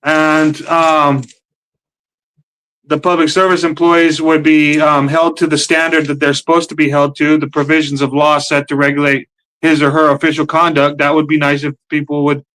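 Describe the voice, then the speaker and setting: A man's voice: on the high side, completely flat delivery, fairly bright tone, poor audio. A man speaking as a livestream guest, hesitant and full of fillers. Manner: hesitant, halting with many fillers. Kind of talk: casual chat.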